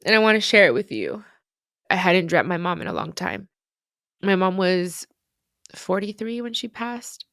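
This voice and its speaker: A woman in her thirties hosting a podcast, speaking earnestly and confessionally with soft pauses in a reflective personal monologue. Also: mid-range voice, animated, creaky, dry recording, clean studio sound. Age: 30s. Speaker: podcast host.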